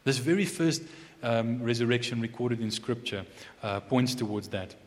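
A man preaching a sermon who drops to a hushed, intense tone and then rises to loud, emphatic proclamation, repeating key phrases for emphasis. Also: mid-range voice, normal speed. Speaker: pastor. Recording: long reverb of a large hall.

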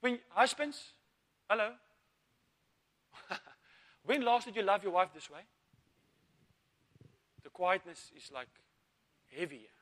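A man's voice: high-pitched, animated, takes it slowly, pauses often, fairly bright tone. A man preaching a sermon, asking rhetorical questions, calling for amens and repeating words as he goes. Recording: long reverb of a church hall.

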